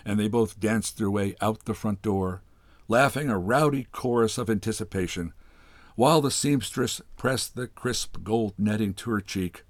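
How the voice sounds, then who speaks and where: A man hosting a program where he reads a literary short story aloud, in unhurried, measured narration. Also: fairly low pitch, dry recording. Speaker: host reading stories aloud.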